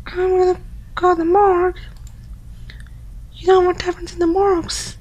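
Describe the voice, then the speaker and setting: A man voicing a sarcastic teenage friend in a high, breathy whisper with a mocking manner. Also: level tone, a little slow, a little mellow. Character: teasing, snarky teenage friend. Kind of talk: voicing game dialogue.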